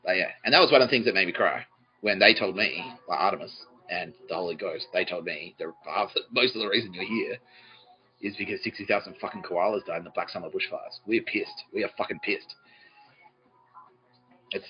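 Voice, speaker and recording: A man's voice: deep voice, fairly quick. Rambling profane man. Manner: profane, rambling, often laughing mid-sentence. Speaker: podcast host. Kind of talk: rambling comedic monologue. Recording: dull lo-fi recording with faint music.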